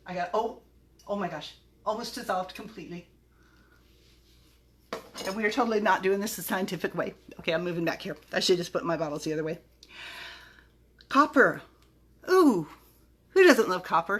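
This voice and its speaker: A woman's voice: mid-range voice, breathy edge. A middle-aged woman from the United States, chatting casually to the camera about vitamins in a bubbly, giggly way, stumbling over words now and then. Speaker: vlogger reviewing vitamins.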